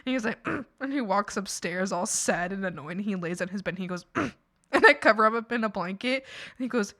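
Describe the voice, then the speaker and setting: A woman streaming while she works on art, telling stories in a casual, animated way, acting out quotes and laughing often. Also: medium pitch, a little fast, dry recording, studio quality. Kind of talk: casual chat while drawing.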